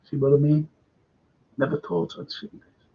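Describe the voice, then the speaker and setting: A man's voice: fairly high pitch, steady tone, moderate pace, gravelly, breathy edge. An older man with a Liverpool accent, chatting casually as a show host and rambling through sweary anecdotes. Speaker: podcast host. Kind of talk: casual chat. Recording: dull lo-fi recording.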